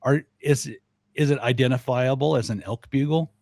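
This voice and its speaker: An older man, a guest on a podcast, talking casually and lively, mimicking sounds as he explains. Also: mid-range voice, normal speed, vocal fry, no room sound. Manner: animated, mimics elk bugles and voices. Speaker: guest, elk calling expert.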